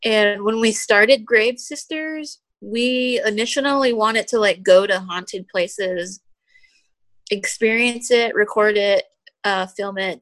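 A woman's voice: mid-range voice, a bit bright, no room sound. Chatty woman guest, dry close sound. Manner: chatty, explains at length. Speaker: podcast guest, band member. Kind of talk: casual chat.

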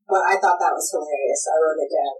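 A woman's voice: sits low, quick pace, darkish tone, rough recording. A woman co-hosting a casual chat, recounting a drama's plot hesitantly with many fillers. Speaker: podcast co-host.

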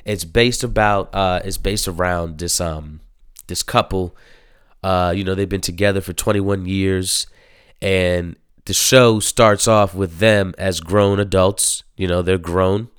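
A man's voice: sits low, steady tone, measured pace, clear, resonant tone, dry recording, clean studio sound. A man giving a casual spoken review of a TV show, rambling and profane, with many fillers.

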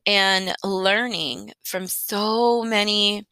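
A woman in her thirties, a mother telling a personal story in an emotional, heartfelt monologue with soft laughs. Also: mid-range voice, steady tone, extremely slow, clean tone, no room sound, poor audio.

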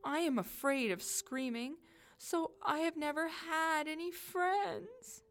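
A woman's voice: very animated, slow, full character voice. A woman voicing a big, timid male yeti who is silly and lonely and easily frightened, in a storybook reading. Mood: sad. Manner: high-pitched, jumpy, easily frightened.

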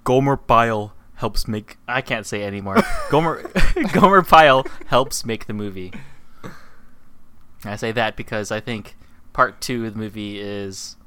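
Low-voiced man with blunt, dry quips. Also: a little slow, a bit bright, clean tone. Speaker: podcast co-host. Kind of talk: casual movie review chat.

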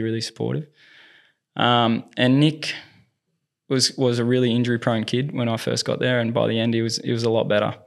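An Australian man, a tennis movement coach, telling lively anecdotes in a casual interview. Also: mid-range voice, gravelly. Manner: lively anecdotes, acts out quoted dialogue.

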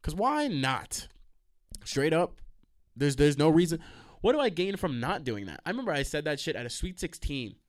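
A young man talks through his stories in a loose, rambling way, cursing freely and doubling back on himself mid-sentence. His voice sits a little on the high side and swings widely in pitch as he gets carried along. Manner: animated, profane, trails into quick asides and restarts. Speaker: podcast host. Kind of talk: casual rambling storytelling.

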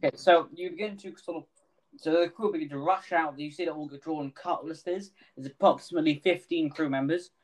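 A man's voice: on the high side, fairly even intonation, a little fast, low-quality recording. Rambling man running a tabletop game. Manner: rambling, often restarts and corrects himself. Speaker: game master.

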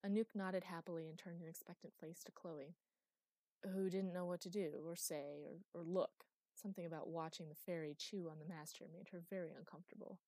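Warm, low woman narrating fantasy. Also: brisk, no echo. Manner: even storytelling read. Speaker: audiobook narrator.

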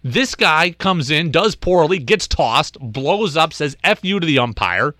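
Give me a man hosting sports talk, animated and exasperated, with a slightly high voice. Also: a little slow, dry recording.

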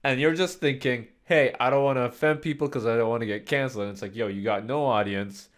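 A man's voice: medium pitch, fast talker. Laid-back rambling young man. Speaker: podcast co-host. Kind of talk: casual chat.

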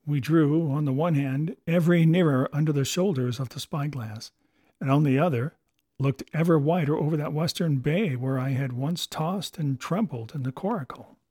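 A man reading a classic adventure novel aloud as narrator, with steady storytelling. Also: on the high side, moderate pace, dry recording, clean studio sound. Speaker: audiobook narrator. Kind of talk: scripted narration.

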